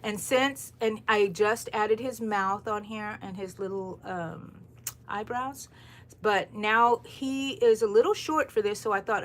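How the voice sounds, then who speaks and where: A middle-aged woman speaks in an unhurried, mid-range voice as she hosts a crochet livestream from home. It's an overcast morning, and she rambles chattily, greeting viewers by name.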